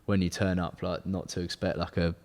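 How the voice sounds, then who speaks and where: A twenty-year-old Englishman who owns a car detailing business hosts a casual podcast chat, rambling with lots of fillers and restarts. His low, slightly mellow voice is brisk and flat in delivery, and the recording has a long hall reverb.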